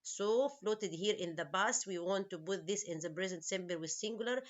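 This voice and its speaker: A woman English teacher, a non-native speaker whose first language is Arabic, explains vocabulary and grammar slowly, asks her students questions and makes small grammar slips. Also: medium pitch. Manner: slow, explains each word and asks questions. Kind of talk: online English lesson. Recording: slightly dull lo-fi recording.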